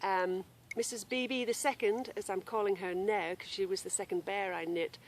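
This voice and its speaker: At a normal speed and in a steady, medium-pitched voice, a woman hosts a knitting podcast outside in a grassy yard. Her chat is casual and apologetic, as she breaks off to call a wandering dog and says sorry for the interruptions.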